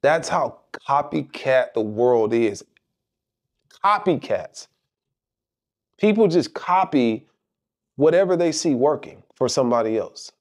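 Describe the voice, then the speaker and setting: A man's voice: medium pitch, lively intonation, takes it slowly, pauses often, darkish tone. A middle-aged man giving a motivational monologue, emphatic and rhetorical, repeating phrases for effect. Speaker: motivational speaker.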